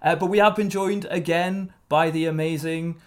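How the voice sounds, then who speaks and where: A man's voice: fairly high pitch, steady tone, normal speed. A man hosting a casual theme park podcast, upbeat and lifting his voice for the sign-off. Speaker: podcast host. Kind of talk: casual chat.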